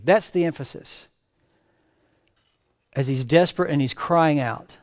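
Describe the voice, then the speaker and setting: A male pastor preaching an impassioned sermon, swinging between raised emphatic phrases and hushed, low lines. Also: normal speed, long pauses, no echo, studio quality.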